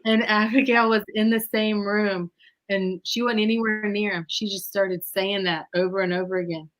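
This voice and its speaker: A woman's voice: mid-range voice, normal speed. A woman, hosting a casual chat and telling stories with lots of laughter. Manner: animated storyteller who laughs often. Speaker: host.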